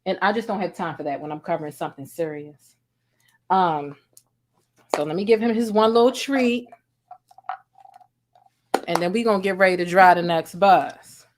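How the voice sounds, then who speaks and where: A woman's voice: on the low side, normal speed, long pauses, a little hiss or hum. A woman from Baltimore with a Baltimore accent, chatting casually to camera as a vlogger and talking to her cat now and then. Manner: chatty, talks to her cat between remarks. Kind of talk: casual commentary vlog.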